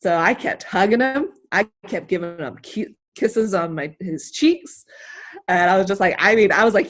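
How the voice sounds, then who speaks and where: A woman from the United States, an athlete telling her story as an interview guest, emotional and animated, rambling with many fillers. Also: mid-range voice, normal speed. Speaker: interview guest, hammer thrower.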